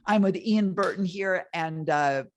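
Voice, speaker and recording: Energetic male host, enthusiastic pitch-man delivery, online show over video call. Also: unhurried, dull audio, a little hiss or hum. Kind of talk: upbeat show hosting.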